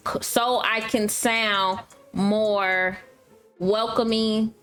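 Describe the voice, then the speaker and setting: A woman co-hosting a podcast in casual chat, thoughtful and unhurried, often trailing off with fillers. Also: mid-range voice, fairly even intonation, fairly bright tone, smooth, faint music behind. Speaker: podcast co-host.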